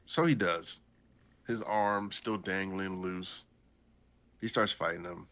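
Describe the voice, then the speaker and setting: A man hosting a podcast, retelling a story in a casual, animated and jokey way. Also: low-pitched, takes it slowly, long pauses. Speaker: podcast host.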